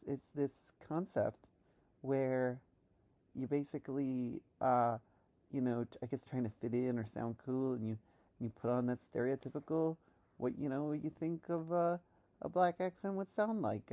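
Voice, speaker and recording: A woman from New York thinking aloud in a reflective solo monologue, halting with many restarts while she practices a trained voice. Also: rumbling low, mellow. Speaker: vlogger.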